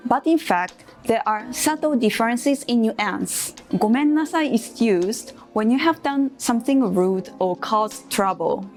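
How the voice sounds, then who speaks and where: A woman teaching beginner phrases in English, speaking clearly and carefully and leading slow repeat-after-me drills. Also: on the high side. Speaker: Japanese language teacher. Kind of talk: scripted language lesson for beginners.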